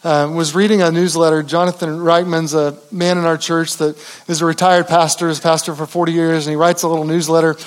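A pastor preaching a sermon in an earnest, conversational way, with frequent restarts. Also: male voice, fairly high pitch, flat delivery, a little fast.

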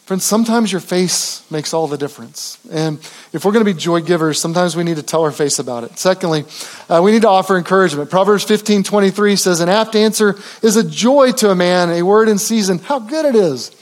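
A pastor preaching a sermon in an earnest, conversational way, with frequent restarts. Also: male voice, sits high, brisk.

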